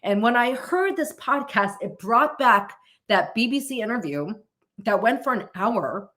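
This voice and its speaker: A woman's voice: a little high, very animated, unhurried, fairly bright tone. A woman hosting a podcast in casual chat, earnest and openly emotional, rambling with restarts. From United States. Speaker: podcast host.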